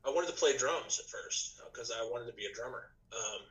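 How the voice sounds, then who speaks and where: A man, a podcast guest and musician, telling his story in casual chat, rambling with many restarts, his voice slightly rough tonight. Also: medium pitch, brisk, a bit bright, rough recording. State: slightly rough voice, clearing throat.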